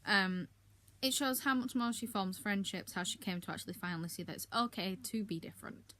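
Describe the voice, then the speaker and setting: A book reviewer gives a casual, candid wrap-up of her monthly reading, chatty, full of filler ums and blunt asides. Her medium-pitched voice is brisk, bright and forceful, with a slight hiss or hum in the audio.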